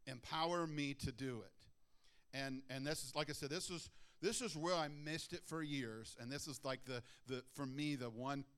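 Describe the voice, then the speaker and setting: A middle-aged man preaching a sermon, moving between hushed, earnest prayer and emphatic exhortation. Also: medium pitch, fairly even intonation, normal speed, hardly any pauses, clean tone.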